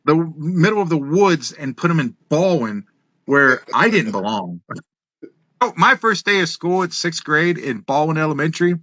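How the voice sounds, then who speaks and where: Guy in his 50s spinning wild stories, bright forceful voice, kinda dull dry recording. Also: a little high, no echo. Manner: animated storyteller, acts out voices, laughs, swears. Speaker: podcast guest, wrestler and musician. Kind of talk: casual storytelling.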